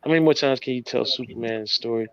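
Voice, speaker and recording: A man co-hosting a casual podcast, animated and full of "you know" and "like.". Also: medium pitch, fast, muffled recording, a little hiss or hum. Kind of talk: casual chat.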